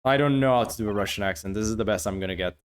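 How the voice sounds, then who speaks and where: A man streaming a game playthrough, reacting with profane, excitable commentary. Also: lowish voice, racing, smooth.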